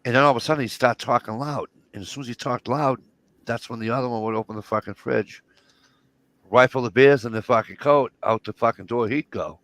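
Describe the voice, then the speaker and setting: A man's voice: mid-range voice, a little fast, fairly bright tone, no echo. A middle-aged man, telling rambling, profane stories and acting out the dialogue. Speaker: podcast co-host. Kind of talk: casual storytelling chat.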